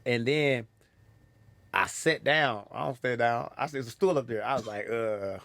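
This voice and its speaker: A man's voice: medium pitch, moderate pace, gravelly, no echo. A young man, a comedian, telling stories from his life in a casual chat, acting out the lines of people in them. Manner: animated, acts out quoted lines. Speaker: comedian guest.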